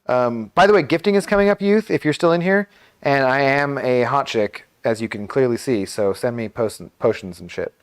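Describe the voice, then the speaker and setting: A man's voice: medium pitch, normal speed, clean tone. Rambling man chatting on a live stream. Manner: rambling, chatty, reads and answers viewer messages. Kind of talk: casual live-stream chat.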